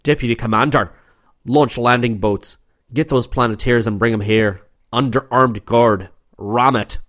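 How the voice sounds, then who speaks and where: A man voicing a quick-tempered space commander who bellows his orders in an audiobook. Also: mid-range voice, fairly bright tone, pitched above the performer's own voice, close to an everyday voice. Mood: enraged.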